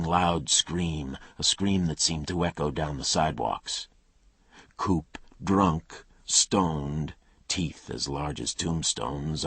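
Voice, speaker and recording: A man narrates a crime thriller in clipped, tense phrases. His voice is extremely low and markedly husky, recorded close and dry. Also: fairly bright tone, no echo. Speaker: audiobook narrator.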